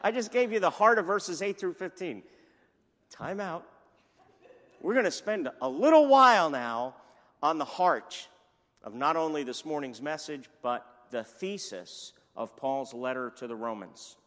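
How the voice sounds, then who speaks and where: Animated male preacher in echoey hall. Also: on the high side, a little slow. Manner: energetic, animated preaching with humor. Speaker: pastor. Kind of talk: sermon. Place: church sanctuary.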